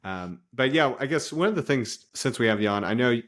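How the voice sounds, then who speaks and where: A man hosting a casual podcast interview, relaxed and loose, often saying "kinda" and "like". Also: mid-range voice, fairly quick. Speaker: podcast host.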